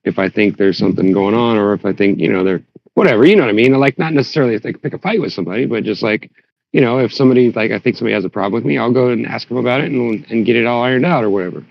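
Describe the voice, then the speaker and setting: A man chatting casually on a voice call, rambling through a story and getting animated when he quotes himself. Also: mid-range voice, rapid-fire, gravelly, dry recording. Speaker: Discord server member. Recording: dull lo-fi voice chat audio.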